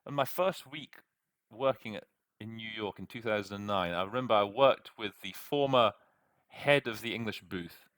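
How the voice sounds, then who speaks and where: A middle-aged man, a conference interpreter, interpreting a speech and then talking through his word choices, often pausing and restarting. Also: on the low side, a bit bright, smooth, dry recording, studio quality. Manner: thinks aloud, hesitant, many restarts. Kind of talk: interpreting practice with commentary.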